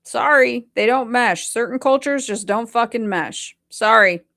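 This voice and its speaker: A woman's voice: on the high side, unhurried, sharp tone. A woman hosting a casual reaction commentary, talking bluntly and defiantly with plenty of swearing. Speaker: host.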